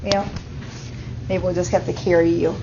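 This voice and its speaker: A woman teaching high school chemistry lectures her class, explaining things step by step and checking in with "okay?". Her voice is on the low side, level in tone, at a moderate pace. The slightly muffled classroom recording comes from an auto-tracking camera mic and has background noise.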